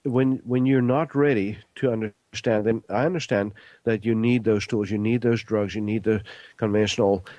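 A man's voice: fairly low pitch, steady tone, moderate pace, warm tone, no echo, highs cut off. A man hosting a health radio talk show in casual, rambling speech with many fillers.

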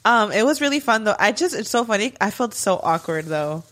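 A woman's voice: mid-range voice, lively intonation, brisk, a bit bright. A young woman co-hosting a podcast in casual chat, giggly and full of slang. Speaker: podcast co-host. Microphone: podcast studio mic.

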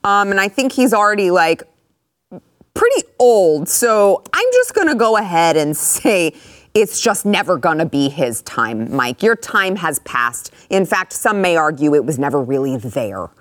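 A woman hosting a political talk show, chatting casually with a sarcastic, animated edge. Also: lowish voice, measured pace, no room sound, clean studio sound. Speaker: show host.

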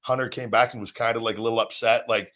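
A man's voice: mid-range voice, flat delivery, fast talker, fairly bright tone. A man hosting a podcast and talking earnestly about work and confidence, rambling with many restarts. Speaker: podcast host, former wrestler. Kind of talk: motivational podcast talk.

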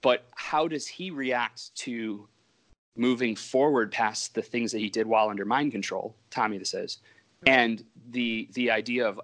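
A man's voice: medium pitch, unhurried, fairly bright tone. A comic book writer, a man, telling stories in a casual interview and rambling and interrupting himself as he talks.

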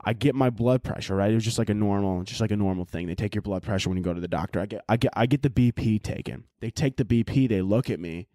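A man's voice: fairly low pitch, quick pace, hardly any pauses, dark tone, no echo, clean studio sound. Young man ranting profanely on his podcast. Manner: profane, exasperated, rambling. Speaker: podcast host. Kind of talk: solo podcast rant. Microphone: laptop and camera audio.

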